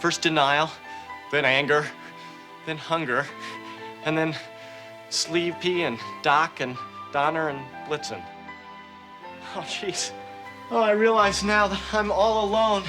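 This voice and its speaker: A man's voice: on the high side, slow, long pauses, music in the background. An actor playing a goofy, childish adult man, rambling and melodramatic in a sitcom. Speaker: sitcom lead. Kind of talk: sitcom acting. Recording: TV sitcom audio with laugh track.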